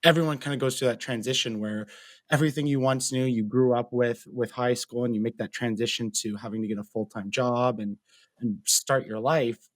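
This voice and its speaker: A man's voice: medium pitch, steady tone, brisk, no room sound. Young canadian guy telling his story on a tv interview, earnest, lots of like and you know, dry sound. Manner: earnest, talkative, many fillers and restarts. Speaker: guest, mental health advocate.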